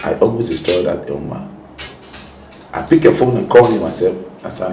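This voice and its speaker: Ghanaian pastor guest, low-voiced, switches between English and Twi, recorded in a roomy space. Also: expressive, moderate pace, vocal fry, mellow, slight background noise. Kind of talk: interview.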